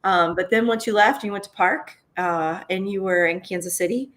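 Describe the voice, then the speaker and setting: A woman's voice: medium pitch, moderate pace, fairly bright tone. A woman reminiscing as a former school mentor, earnest and emphatic, often tossing in "right?", holding back tears. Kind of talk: heartfelt conversational reminiscence.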